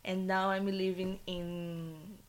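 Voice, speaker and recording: A young Brazilian woman speaking English as a learner with a Brazilian Portuguese accent, chatting casually, pausing to search for words and laughing often. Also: fairly low pitch, flat delivery. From northern Brazil. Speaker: guest.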